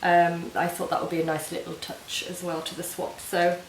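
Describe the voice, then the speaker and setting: A woman talks in a relaxed, gushing way, full of ums and little restarts. Her voice sits slightly low. The camera mic picks up a roomy home room with faint hiss underneath. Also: moderate pace. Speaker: knitting podcast host. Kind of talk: casual video podcast chat.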